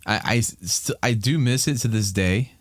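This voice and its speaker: A man's voice: mid-range voice, moderate pace, dry recording, studio quality. A man in his thirties from Ohio, a podcast guest talking candidly and rambling with many restarts in casual chat.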